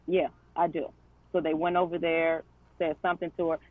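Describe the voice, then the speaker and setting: A woman's voice: deep voice, steady tone, brisk, no room sound. A woman guest on a podcast, telling a story in a conversational way, full of fillers and quoted dialogue. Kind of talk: casual storytelling. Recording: tinny phone-like line.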